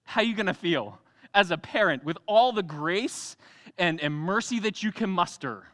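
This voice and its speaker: A young adult pastor preaches in church with a high voice at a moderate pace. He tells the story with animated energy, acting out voices and laughing often.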